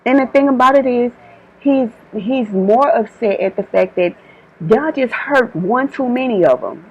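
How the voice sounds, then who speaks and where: A woman's voice: medium pitch, slightly rough, poor audio. A woman delivering an informal channeled spiritual message, emphatic and repetitive, switching between her own words and quoted divine warnings.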